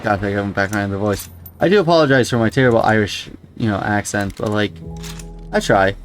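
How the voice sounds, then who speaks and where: Speaking briskly in a fairly low voice, this gameplay commentator chats through a let's-play with faint music behind him. He rambles, thinks out loud, and keeps breaking into surprised outbursts as the game unfolds.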